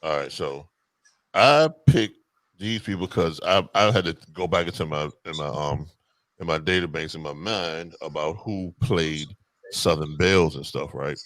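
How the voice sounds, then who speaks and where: A man co-hosting a casual podcast chat, talking haltingly as he searches for words. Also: deep voice, no echo. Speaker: podcast co-host.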